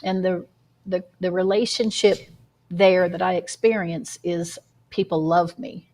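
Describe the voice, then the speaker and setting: A woman co-hosting a panel show as a high priestess, answering in an earnest, personal way with hesitant restarts. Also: fairly even intonation, measured pace, a little mellow.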